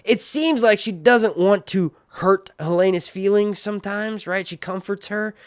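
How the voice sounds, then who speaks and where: A man's voice: high-pitched, a little slow, clean tone, dry recording, clean studio sound. A man hosting a casual live stream about a TV show, rambling and joking crudely off topic. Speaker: host of a TV show review stream.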